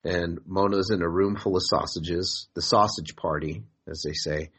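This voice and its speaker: A man's voice: deep voice, steady tone, normal speed, fairly bright tone, slightly rough. A man hosting a podcast in a casual, profane, joking way, rambling between topics. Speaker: podcast host.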